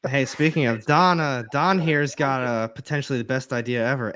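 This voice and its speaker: A man co-hosting a comic book livestream, talking in a relaxed, chatty way with trailing fillers. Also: mid-range voice, normal speed, hardly any pauses, clear, resonant tone. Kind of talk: casual chat.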